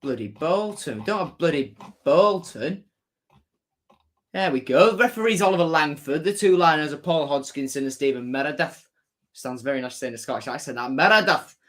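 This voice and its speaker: A young man with a voice on the high side and normal speed hosts a casual football livestream as a fan. He chats, reads out viewer comments, and adds jokey asides.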